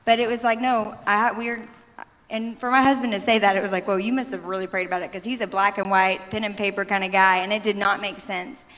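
A woman in her thirties tells her faith story in a heartfelt, rambling way, often breaking off and restarting. Her voice sits at a middle pitch. A long reverb hangs on every word, as in a large church hall. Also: fairly even intonation, brisk, a bit bright. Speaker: panelist sharing testimony. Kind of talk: personal faith testimony on stage.

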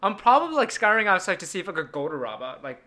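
A man's voice: sits high, fast. A man playing a tabletop zombie game, speaking bluntly and animatedly about looking out for himself. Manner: blunt, self-protective, animated. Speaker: player. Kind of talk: tabletop role-play chat.

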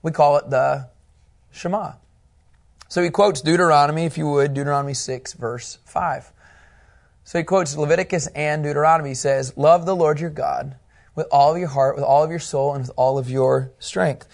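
A man teaching a Bible class, animated and asking his students questions as he goes. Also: on the high side, moderate pace, gravelly.

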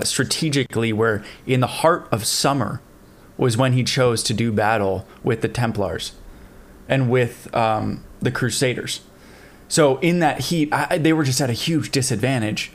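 A man co-hosting a casual history podcast, relaxed and chatty, adding facts with the odd swear word. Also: medium pitch, moderate pace. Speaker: podcast co-host.

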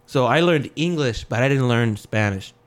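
A young man who works as a comedian, telling casual stories full of swearing and jumping into higher voices when he quotes other people. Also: normal speed. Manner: animated, jumps into high-pitched voices for quoted people; swears freely, laughs mid-story. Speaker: comedian guest. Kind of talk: casual storytelling chat.

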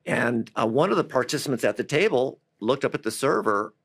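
A man, a guest who works with politicians, telling a story in conversation in a lively way. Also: mid-range voice, fairly quick, husky. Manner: animated storyteller.

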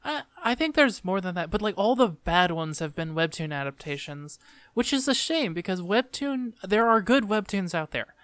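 A man's voice: sits high, big pitch swings, normal speed, a bit bright, clean tone, no room sound. A man co-hosting a podcast, casually complaining with exasperation. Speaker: podcast co-host. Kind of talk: casual chat.

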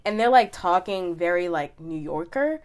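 A woman from New Jersey co-hosting a podcast in relaxed casual chat. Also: lowish voice, normal speed. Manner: relaxed, with frequent laughs and backchannels. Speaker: podcast co-host.

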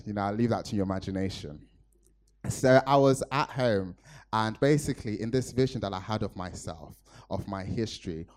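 A man's voice: deep voice, darkish tone. A man from Nigeria preaching a sermon to his church, telling a personal story earnestly with frequent fillers.

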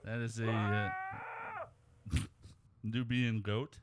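A man's voice: fairly low pitch, flat delivery, very slow, very noisy. A man co-hosting a casual podcast, joking along with his friends. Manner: joking, playful. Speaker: podcast co-host.

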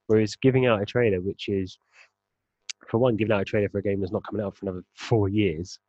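A man co-hosting a casual podcast chat, laying out his argument in a measured way. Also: fairly low pitch, no echo. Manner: measured, arguing a point calmly. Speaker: podcast co-host. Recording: dull lo-fi sound, dry.

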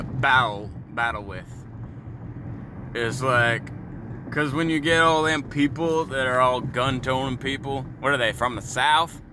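Profane Canadian man ranting from a car. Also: medium pitch. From Sault Ste. Marie, Ontario, Canada. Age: 30s. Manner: crude, mocking, joking with profanity. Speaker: vlogger. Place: in a moving car. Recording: road noise from a car.

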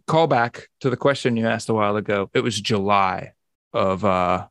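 A man's voice: on the low side, fairly even intonation, moderate pace, a bit bright, dry recording. Rambling male podcast host, dry sound. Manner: rambling with frequent restarts. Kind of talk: casual podcast chat.

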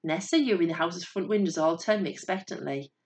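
A woman narrating a story in a steady, measured voice. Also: on the low side.

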